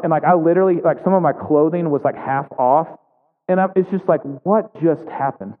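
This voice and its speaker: A man preaching a sermon as a pastor, telling a story casually and conversationally with humor. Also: fairly high pitch. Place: church sanctuary. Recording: phone-like sound in a large reverberant hall.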